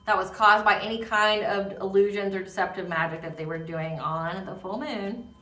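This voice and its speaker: A woman's voice: medium pitch, fairly even intonation, moderate pace, bright, forceful tone, far from the mic. A woman giving a casual tarot reading, rambling and emphatic, repeating words with many fillers. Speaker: tarot reader. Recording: echoey room, voice off-mic.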